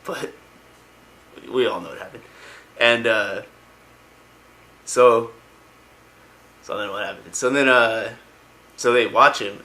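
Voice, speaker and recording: A man's voice: on the low side, sharp tone, rough recording. A young man casually retelling a story, rambling and enthusiastic with slangy asides. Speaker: lore explainer.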